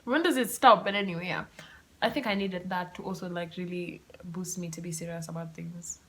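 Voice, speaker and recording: A young woman hosting her own podcast, telling a story in a chatty, animated, self-mocking way. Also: fairly low pitch, a little fast. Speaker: podcast host. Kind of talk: casual solo storytelling. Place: room at home with the windows open.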